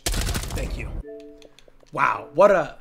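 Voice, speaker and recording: A young man streaming and reacting to game clips, brash and profane, often breaking into shouting. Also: medium pitch, very animated, drawn-out words, creaky, soft background music. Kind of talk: loud casual stream commentary.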